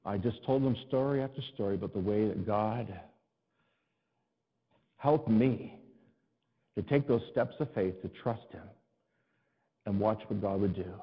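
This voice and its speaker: A male pastor telling a personal story in a sermon, animated and self-deprecating, rising to exasperated cries to God. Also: on the low side, measured pace, long pauses, breathy edge, in a large hall, muffled recording.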